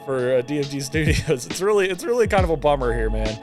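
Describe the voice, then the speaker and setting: A man's voice: fairly high pitch, sing-song, quick pace, music in the background. A man co-hosting a casual podcast, joking, swearing and laughing through his lines. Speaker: podcast co-host.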